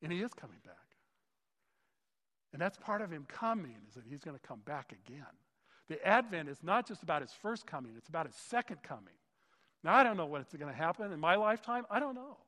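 Man, pastor, sermon, conversational, slightly high voice, long church-hall reverb. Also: sharp tone. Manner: conversational, acts out skeptical dialogue.

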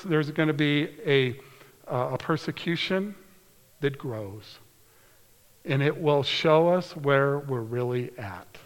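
A pastor preaches a sermon, reading scripture earnestly and slowing down or dropping to a hushed whisper for emphasis. His voice is mid-range, and long hall reverb surrounds the recording.

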